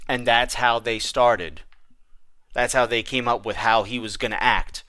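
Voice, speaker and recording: Bright-toned man telling a story. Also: mid-range voice, a little slow, no echo, studio quality. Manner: animated, detailed retelling with frequent restarts. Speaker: podcast co-host. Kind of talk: casual storytelling chat.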